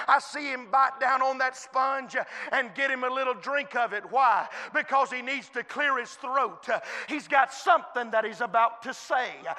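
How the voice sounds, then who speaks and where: Guest preacher, man, very high bright voice, fervent delivery in a reverberant church. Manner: fervent, swings from soft to shouted. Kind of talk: sermon. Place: church sanctuary.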